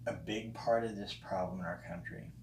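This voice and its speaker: A man with a fairly low voice talks through his opinions bluntly, swearing freely and pausing often on ums. The room around him is echoey. A faint hum of noise sits underneath. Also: steady tone, a little mellow. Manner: blunt and profane, with frequent ums and restarts. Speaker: vlogger responding to a friend's video. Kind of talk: casual opinionated monologue. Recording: roomy echo with faint background noise.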